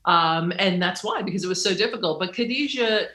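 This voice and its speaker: A middle-aged woman speaks as an interview guest, swinging between her own voice and acted-out quotes with quick leaps and bursts of laughter. Her tone is bright and forward. The room around her rings with a noticeable echo. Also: on the low side. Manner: acts out quoted dialogue with big jumps, laughs while telling stories. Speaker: guest, author and journalist. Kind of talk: animated interview conversation. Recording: roomy echo.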